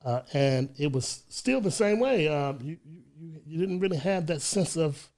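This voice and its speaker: A man in his sixties from Chicago with a Chicago accent, telling his life story as an interview guest in a measured way, often restarting his words. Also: on the high side, lively intonation, darkish tone. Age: 60s. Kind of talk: casual interview. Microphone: studio microphone.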